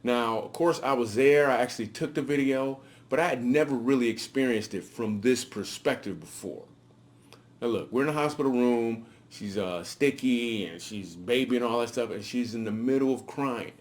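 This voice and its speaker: A man's voice: mid-range voice, normal speed. A man enthusiastically narrating a home video of himself and his newborn daughter. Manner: enthusiastic, walks the listener through the clip. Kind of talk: casual narration.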